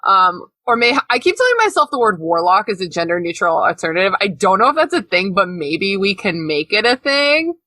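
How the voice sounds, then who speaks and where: Bright, animated woman podcaster. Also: medium pitch, brisk, hardly any pauses, no room sound. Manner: animated, laughs often, swears. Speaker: podcast co-host. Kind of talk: casual chat.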